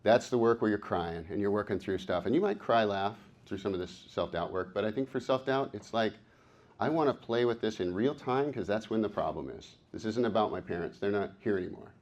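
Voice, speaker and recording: A man's voice: on the low side, lively intonation, brisk, a little mellow, highs cut off. A man in his fifties giving a live workshop talk, upbeat and encouraging, playful with the audience. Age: 50s. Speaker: workshop presenter and coach. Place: conference workshop room.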